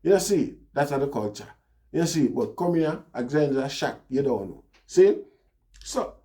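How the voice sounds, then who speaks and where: A man's voice: fairly high pitch, warm tone. A man with a Jamaican accent telling a personal story in a casual, rambling monologue, often dropping in "you know, see". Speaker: vlogger.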